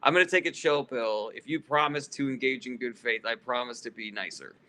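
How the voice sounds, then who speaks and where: This livestream host reads viewers' questions off the chat in quick succession, answering in a bright, forceful voice of medium pitch at a fairly quick pace. He's blunt, swears freely, and leans on lots of ums and uhs, turning heated and sarcastic toward certain chatters.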